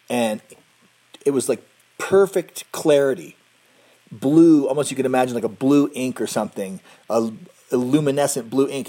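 A man's voice: medium pitch, a little mellow, husky. A middle-aged man telling a long personal story in a rambling, self-correcting way.

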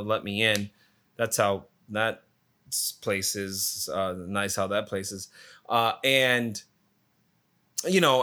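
Recounting a trip, a man living around Phoenix tells a long-winded, expletive-filled story in a casual, exasperated manner. His voice is mid-range, bright and forceful.

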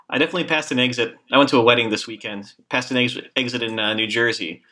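A man's voice: medium pitch, fairly even intonation, fast talker, sharp tone. A man hosting a casual podcast chat, laughing often and joking with his co-hosts. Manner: laughs often, loose and jokey. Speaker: podcast host.

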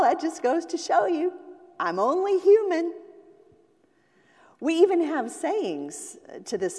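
A woman pastor preaching a sermon, slow and deliberate, sometimes acting out the voices she quotes. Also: on the high side, darkish tone, in a large hall. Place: church sanctuary.

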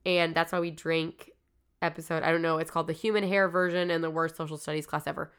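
Woman, podcast host, low voice, smooth tone, casual story chat, swears a lot. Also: level tone, fast talker, a bit bright. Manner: loose, profane, lots of "like".

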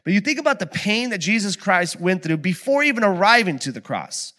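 In a conversational sermon, a middle-aged pastor shifts between calm, quiet reflection and loud, vivid storytelling. His voice sits high, and he speaks briskly.

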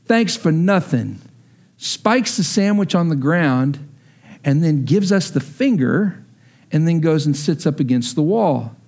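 Pastor, man, 30s, from texas, high voice, storytelling sermon that builds to emphatic preaching. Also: expressive, a little slow, darkish tone.

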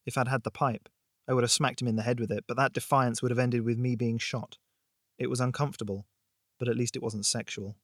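A man narrating a thriller audiobook in a steady, expressive storytelling voice. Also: medium pitch, a little fast, no echo, clean studio sound.

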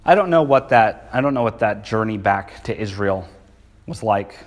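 A man's voice: lowish voice, lively intonation, moderate pace. A male preacher giving a sermon, speaking emphatically and reading scripture with feeling. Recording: long hall reverb.

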